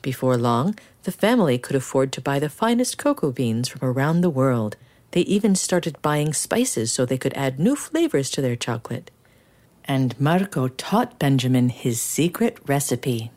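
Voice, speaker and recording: Rich: A low-voiced woman tells a children's story aloud with animated pitch swings. Her delivery is expressive and engaging. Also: moderate pace. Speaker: storyteller reading picture books.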